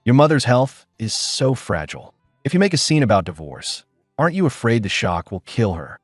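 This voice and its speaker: A man's voice: medium pitch, big pitch swings, moderate pace, no room sound, clean studio sound, faint music behind. A man voicing a cold, scornful young wife who talks with sneering contempt. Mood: mocking.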